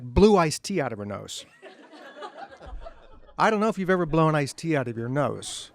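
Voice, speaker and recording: A middle-aged man, an author, telling self-deprecating anecdotes to an audience at a bookstore event in a relaxed, humorous way. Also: a little high. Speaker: author speaking at a book event. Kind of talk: humorous storytelling talk to an audience.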